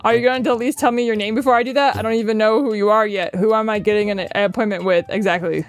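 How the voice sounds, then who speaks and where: A woman casually commenting while playing a video game, excitable, swearing, laughing and mimicking characters. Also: medium pitch, fast talker, faint music behind. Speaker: gaming streamer. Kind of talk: casual let's play commentary.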